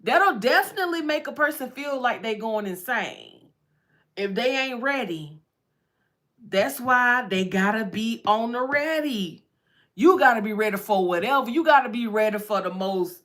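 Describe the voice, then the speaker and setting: A woman's voice: medium pitch, lively intonation, measured pace, a bit bright. A woman giving a casual tarot reading, chatty and repetitive, often breaking into laughs. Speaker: tarot reader.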